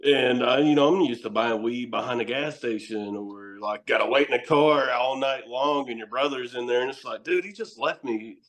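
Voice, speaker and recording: Man, tennessee accent, middle-aged, rambling swearing storyteller, casual podcast talk, average pitch. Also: fairly even intonation, moderate pace, few pauses, a bit bright. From Knoxville, Tennessee. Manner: rambling, profane storytelling with laughs. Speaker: horror host and wrestler.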